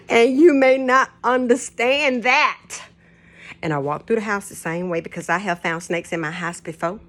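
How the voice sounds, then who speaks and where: A woman's voice: mid-range voice, moderate pace, fairly bright tone. Older woman, rambling chat. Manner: rambling, laughs often, folksy Southern turns of phrase. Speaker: vlogger. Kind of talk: casual storytelling to camera. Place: home kitchen.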